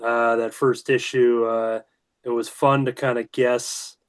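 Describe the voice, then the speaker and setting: A man's voice: medium pitch, flat delivery, a little slow, smooth. A man hosting a casual chat show about comics, talking in a loose, rambling way full of fillers and restarts. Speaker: podcast host.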